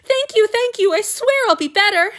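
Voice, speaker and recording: A woman's voice: lively intonation, normal speed. A woman reading an audiobook, voicing a tearful, eager young male sacrifice who pleads breathlessly. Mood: overjoyed. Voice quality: pleading, breathless, high-pitched. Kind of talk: audiobook fan fiction reading.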